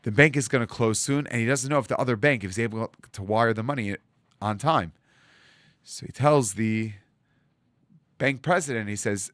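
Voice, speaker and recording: Rabbi telling a story, dry close sound. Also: male voice, mid-range voice, moderate pace, dry recording. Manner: animated storyteller acting out dialogue. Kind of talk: storytelling sermon.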